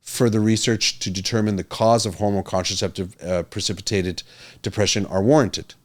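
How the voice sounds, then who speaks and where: Earnest man, a doctor talking to camera. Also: sits low. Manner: earnest, emphatic, repeats key points. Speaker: physician and podcast host. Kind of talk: casual talk to camera.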